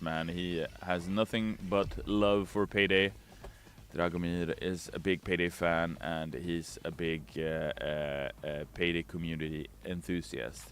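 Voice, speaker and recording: Deep-voiced, forceful male streamer. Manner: reads viewer messages aloud, loud and playful, chatty asides. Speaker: game community streamer. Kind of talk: casual livestream chat.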